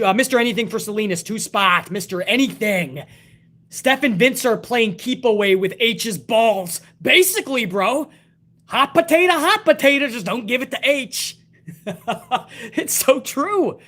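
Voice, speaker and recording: A man's voice: high-pitched, normal speed. A man hosting a live wrestling talk stream, reading chat messages aloud and ranting bluntly with lots of swearing. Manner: blunt, profane, animated rants. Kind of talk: casual live-stream commentary.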